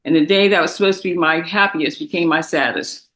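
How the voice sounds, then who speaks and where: A young woman, a victim's daughter, reading a victim impact statement in a courtroom, halting and tearful. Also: on the low side, fairly bright tone, roomy sound, rough recording. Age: young adult.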